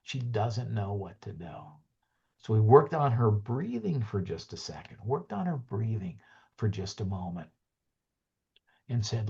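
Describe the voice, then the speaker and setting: A man presenting a webinar, closing with an earnest, gentle story and dropping into soft hushed passages. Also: on the low side, very animated, unhurried, creaky, breathy edge, lo-fi sound. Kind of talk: heartfelt closing talk with a story.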